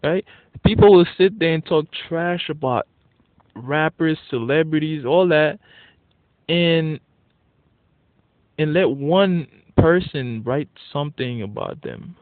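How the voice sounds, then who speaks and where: A man in a casual, profane ranting monologue, blunt and getting animated when worked up. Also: a little high, takes it slowly, pauses often, no room sound. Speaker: vlogger. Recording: tinny phone-like dry audio.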